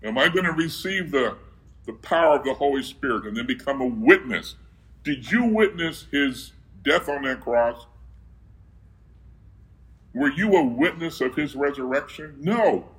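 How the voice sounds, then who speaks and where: Slow, questioning male preacher. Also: medium pitch, lively intonation, a bit bright, rough recording. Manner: asks the congregation questions and answers them himself; reads scripture aloud with emphasis. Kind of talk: sermon.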